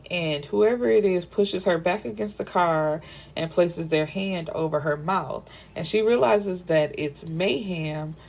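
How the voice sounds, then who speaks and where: A woman's voice: on the low side, measured pace, vocal fry, a little mellow. A young woman hosting a book review, chatting casually with slangy, giggly asides.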